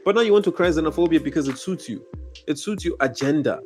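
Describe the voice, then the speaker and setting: A South African man with a fairly high, darkish voice talks fast and animatedly over soft background music. As a commentary channel host, he delivers an angry, accusatory rant straight to camera, hammering his points home through repetition.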